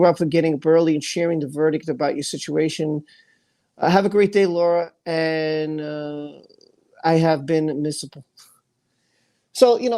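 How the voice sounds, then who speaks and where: A man's voice: on the high side, dark tone. A man hosting a livestream and ranting angrily, emphatic and repetitive, often stumbling over his words. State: angry. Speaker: livestream host. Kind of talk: angry livestream rant.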